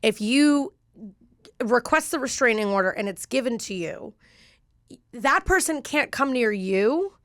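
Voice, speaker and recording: Woman, comedian guest, chatty storyteller, higher voice, dry close sound. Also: animated, a little slow, a bit bright, dry recording. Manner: chatty, with frequent fillers and laughter. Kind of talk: casual chat, personal storytelling.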